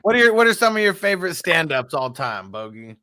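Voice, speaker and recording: A man's voice: on the high side, big pitch swings, a little fast, bright, forceful tone. A man chatting casually, laid-back, laughing often and asking short questions. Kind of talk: casual chat.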